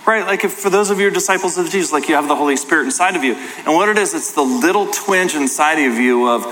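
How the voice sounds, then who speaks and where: A middle-aged man pastor giving a sermon, talking in an animated, conversational storytelling way. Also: fairly high pitch, fast talker. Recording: hall reverb, faint ambience.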